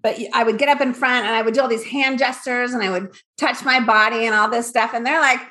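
A woman in her fifties, a business owner from Northern California, telling her story in a candid, animated interview chat. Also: fairly high pitch, fast talker. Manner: candid and animated, acts out her past thoughts.

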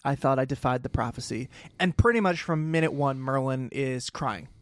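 A man's voice: medium pitch, normal speed, no echo. A man co-hosting a casual podcast, animatedly recapping an episode and reading quotes aloud. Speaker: podcast co-host.

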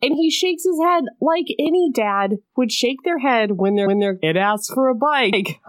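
A woman's voice: high-pitched, expressive, normal speed, no room sound, clean studio sound. A woman co-hosting a podcast, recapping a movie in casual chat, swearing, laughing and mimicking characters. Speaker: podcast co-host.

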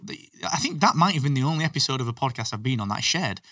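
A man's voice: mid-range voice, expressive, fairly bright tone, no room sound, studio quality, far from the mic. Chatty man, a bit off-mic. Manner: chatty, opinionated, quick asides. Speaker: podcast host. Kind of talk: casual chat.

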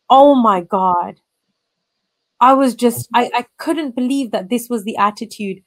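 A woman's voice: on the high side, normal speed. A woman speaking candidly and emphatically in conversation, slipping into Punjabi phrases as she recounts her experiences. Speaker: guest sharing personal story.

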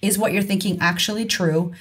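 A woman's voice: medium pitch, fairly even intonation, brisk, slightly rough. A woman being interviewed as a confidence coach, speaking frankly and emphatically with casual swearing. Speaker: guest, confidence coach and author. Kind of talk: candid conversational interview.

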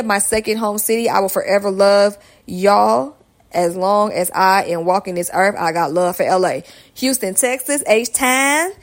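Upbeat woman podcast host, slangy. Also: mid-range voice. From Atlanta, Georgia, USA. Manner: upbeat and slangy, reading off a long list of places. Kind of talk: casual solo podcast shout-outs.

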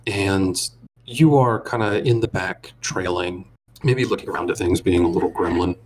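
Deep voiced guy gm-ing a tabletop game, slow descriptive narration, bit of faint noise. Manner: measured, descriptive narration with filler pauses. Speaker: game master.

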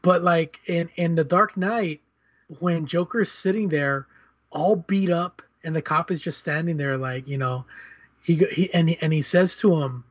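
A man's voice: on the high side, moderate pace, no echo. A man co-hosting a podcast, explaining his point in a casual, hesitant way with frequent restarts. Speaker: podcast co-host. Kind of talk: casual discussion. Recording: dry, muffled lo-fi mic.

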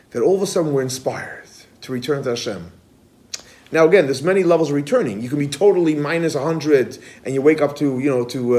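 A man teaching a spoken lesson on mystical texts, with a somewhat high pitch. He swings between loud, urgent calls and soft, hushed passages. He keeps asking questions and answering them himself. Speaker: rabbi teaching a Kabbalah class. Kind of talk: lively spoken Torah lesson.

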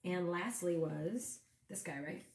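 A woman's voice: fairly low pitch, takes it slowly, reverberant, distant mic. A woman co-hosting a casual beer-tasting podcast, bubbly and teasing, often giggling. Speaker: podcast co-host.

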